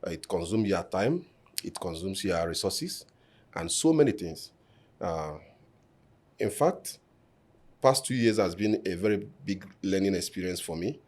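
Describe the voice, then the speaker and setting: A man with a low, deep voice speaks in a measured, formal way, pausing on fillers as he lays out his points. He sits in a podcast studio answering an interviewer. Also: lively intonation, a little mellow. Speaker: election candidate.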